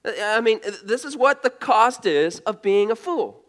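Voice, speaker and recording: A man's voice: sits high, sing-song, a little slow, fairly bright tone. A male pastor preaching a sermon in a conversational way, asking rhetorical questions and often restarting his words.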